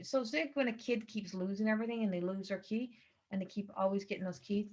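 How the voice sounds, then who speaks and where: A woman's voice: mid-range voice, fairly even intonation, fast, a little mellow. Lady doing a psychic reading at home, rambly and emphatic, kinda muffled webcam sound. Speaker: psychic reader. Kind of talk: channeled astrology reading. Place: indoors at home by a window. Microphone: computer camera mic. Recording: slightly dull lo-fi recording.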